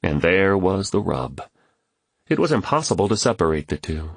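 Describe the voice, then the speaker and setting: Male audiobook narrator, deep and measured, close dry studio mic. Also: breathy edge, no room sound. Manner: measured, steady storytelling.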